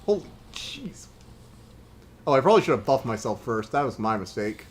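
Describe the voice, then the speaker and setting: A man's voice: fairly low pitch, expressive, fast, a little hiss or hum. Chatty man commentating a game stream. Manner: chatty, wry, exasperated outbursts.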